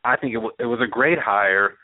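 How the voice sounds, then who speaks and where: A man's voice: mid-range voice, brisk, no echo. A man, a guest sports blogger, chatting casually about college football coaching hires, often repeating words as he thinks. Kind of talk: casual podcast chat. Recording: dry, phone-like line.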